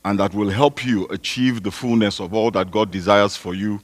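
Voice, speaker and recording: A pastor from Nigeria, out of breath, preaching a sermon in a church hall with a chatty, joking manner that rises to loud, emphatic declarations. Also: male voice, lowish voice, steady tone, moderate pace. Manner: chatty, joking, breaks into laughter.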